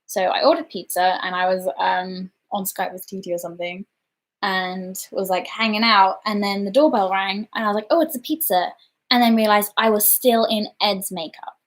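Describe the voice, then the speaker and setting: A woman's voice: medium pitch, fairly even intonation, normal speed. A woman chatting casually on a livestream, telling an embarrassing story with lots of fillers and self-deprecation. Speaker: livestream host.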